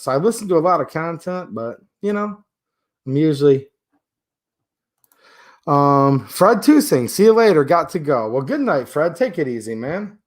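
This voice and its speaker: A man with a slightly raised voice hosts a casual livestream. He chats and jokes with his viewers in loose, rambling asides. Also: on the high side. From Michigan. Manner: chatty, joking, rambling asides. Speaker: livestream host. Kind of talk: casual livestream chat reading viewer comments.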